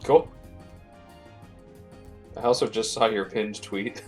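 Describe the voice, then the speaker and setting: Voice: medium pitch, slow pace, a little mellow, soft background music. A co-streamer chatting casually and easygoingly while a game is played, often laughing. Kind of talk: casual let's-play chat.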